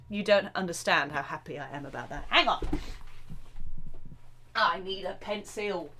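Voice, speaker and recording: Chatty woman drum teacher, lowish voice. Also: moderate pace, pauses often, background noise. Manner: chatty and excitable, with frequent fillers and self-interruptions. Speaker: drum teacher hosting a live Q&A. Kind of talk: casual live-stream chat answering viewer questions.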